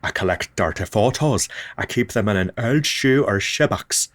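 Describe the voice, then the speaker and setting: A man's voice: lowish voice, expressive, normal speed, a bit bright. A man voicing a manic, eccentric character in a made-up accent who rambles from one daft topic to the next. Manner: zany, rambling, jumping between topics.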